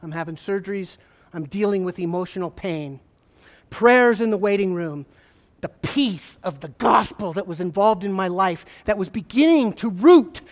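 A man, a former state trooper, gives an emotional personal testimony to an audience, telling it earnestly with halting repeats. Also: high voice. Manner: earnest, halting storytelling with repetitions. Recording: long hall reverb.

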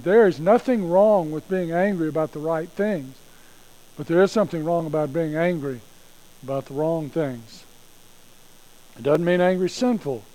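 A man's voice: on the high side, warm tone, low-quality recording. A male pastor preaching a sermon in a folksy, conversational way, often repeating himself.

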